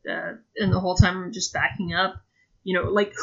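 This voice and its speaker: A woman's voice: lowish voice, flat delivery, brisk, gravelly, highs cut off. A woman playing a tabletop game, describing her character's actions casually in first person with lots of fillers. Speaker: player.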